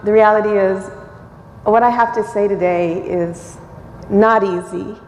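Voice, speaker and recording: A woman missionary in her forties addressing a church and praying, tearful and emotional, often pausing with fillers. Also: mid-range voice, fairly even intonation, a little mellow, in a large hall, slight background noise, rough recording. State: crying. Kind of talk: church talk and prayer. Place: church sanctuary.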